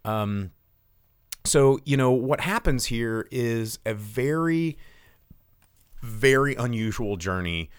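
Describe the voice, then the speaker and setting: This live podcast host speaks in a medium-pitched, clear, resonant voice, animated yet slow, with long pauses and a dry recording. Recapping a movie's plot from his home studio, he rambles, swears casually, and leans on fillers.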